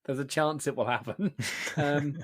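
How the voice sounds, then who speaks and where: A man's voice: on the high side, fairly even intonation, measured pace, a bit bright. A young man, co-hosting a podcast in casual chat, rambling, laughing often and swearing freely. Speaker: podcast co-host.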